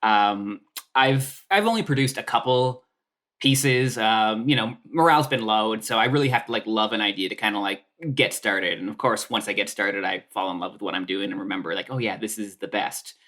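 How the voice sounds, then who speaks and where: A man's voice: lowish voice, fairly quick, a bit bright. A man talking as a guest on a comedy podcast, rambling with lots of filler words and restarts. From Canada. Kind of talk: casual podcast chat.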